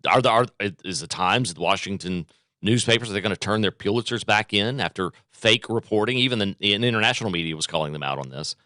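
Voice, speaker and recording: Male talk radio host, punchy and repetitive delivery, low-ish voice on a bright, dry close mic. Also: lively intonation, fast talker, no room sound. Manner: emphatic, repeats phrases for effect. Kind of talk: political talk radio monologue.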